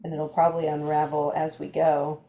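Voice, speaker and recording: A woman's voice: deep voice, completely flat delivery, moderate pace, dark tone. A woman hosting a book club discussion, reading passages aloud and musing thoughtfully with frequent fillers. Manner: thoughtful, trails off mid-sentence with fillers.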